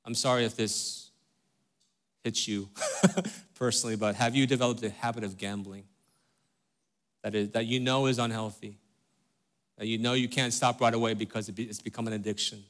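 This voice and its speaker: Long pauses mark the delivery of a middle-aged pastor with a fairly low, steady voice at normal speed. He preaches earnestly and directly, in a conversational style full of fillers and tag questions such as "right?" and "okay?".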